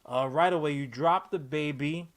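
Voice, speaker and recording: A man in his thirties holds forth on a casual podcast, sarcastic and rambling, swearing freely and tripping over fillers and restarts. His voice sits a little higher than most men's. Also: normal speed. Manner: profane, rambling, sarcastic rant with many fillers. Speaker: podcast host. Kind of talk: casual comic-book podcast chat.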